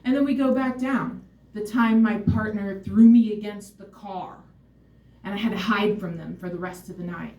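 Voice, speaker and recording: Woman storyteller on stage, candid and wry, mellow voice, roomy hall, mic far off. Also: medium pitch, steady tone, moderate pace. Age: adult, mother of a son. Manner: candid, wry, emotionally open. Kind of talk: personal story told on stage.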